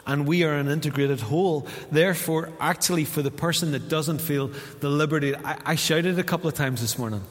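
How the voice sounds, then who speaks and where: A man's voice: on the high side, a little fast, few pauses. A man with a Northern Irish accent preaching a sermon as pastor in a church, in a conversational way, acting out little dialogues with his listeners. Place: church hall. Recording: long reverb of a church hall.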